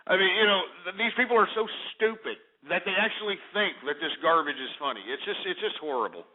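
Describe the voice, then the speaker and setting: Exasperated ranting talk-radio host, tinny. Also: male voice, on the high side. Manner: angry, exasperated, insulting callers. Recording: tinny phone-like audio.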